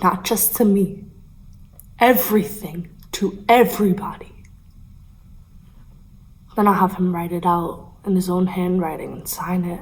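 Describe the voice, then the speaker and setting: A woman's voice: fairly low pitch, a little mellow, lightly acted, rough recording. A young woman playing a bitter, vengeful woman. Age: young adult. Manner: intense, sometimes dropping to a hissed whisper. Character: bitter, vengeful grown woman bent on a confession. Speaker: actor. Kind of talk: stage monologue.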